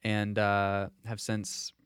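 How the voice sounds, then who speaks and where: A man's voice: on the low side, monotone, extremely slow, fairly bright tone, clear, resonant tone, no room sound, studio quality. A man hosting a casual podcast chat, rambling with fillers and restarts. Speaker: podcast host.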